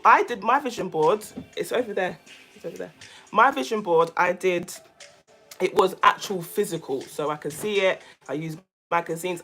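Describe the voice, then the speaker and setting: Emphatic woman vlogger with a low voice. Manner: animated, emphatic, repeats phrases for stress. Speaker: vlogger, self-care coach. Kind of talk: casual chat to camera.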